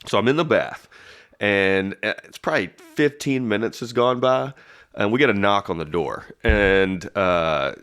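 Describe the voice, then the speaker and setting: A man co-hosting a casual podcast, spinning a childhood story. His voice sits very low, and his easygoing telling is broken up by chuckles. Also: measured pace, clean tone. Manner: relaxed storyteller, laughs through his story. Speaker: podcast co-host.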